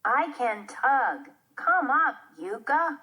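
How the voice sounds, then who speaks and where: A woman's voice: sits high, lively intonation, slow pace, sharp tone, slightly rough, full character voice. A helpful young girl, read by a woman. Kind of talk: reading a children's play aloud.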